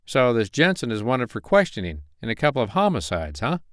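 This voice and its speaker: A man's voice: mid-range voice, sing-song, brisk, no room sound, clean studio sound, lightly acted. A man voicing a curt, scheming city detective. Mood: guarded. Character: corrupt scheming male big-city detective.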